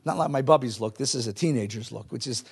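A man teaching a Jewish text class to a live audience, animated, asking the room questions and mixing in Hebrew and Yiddish words. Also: mid-range voice, fast talker, slightly rough.

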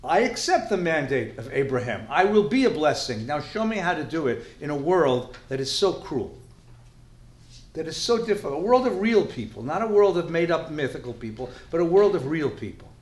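A male rabbi teaching a class in a lively, joking way, asking the room questions and dropping Yiddish words. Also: on the high side, normal speed, reverberant. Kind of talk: lively lecture to a live class.

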